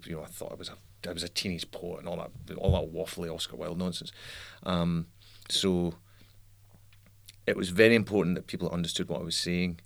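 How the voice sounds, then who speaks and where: A man's voice: deep voice, vocal fry, dry recording. A Scottish man, a songwriter and singer, talking as an interview guest in a thoughtful, rambling way with restarts. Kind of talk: reflective interview talk.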